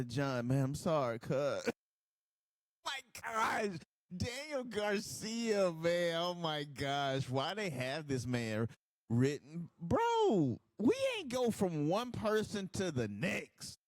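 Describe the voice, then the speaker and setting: Male reaction host, mid pitch, excitable and foul-mouthed, casual chat recorded dry and close. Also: no room sound. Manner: excitable, profane, quick outbursts.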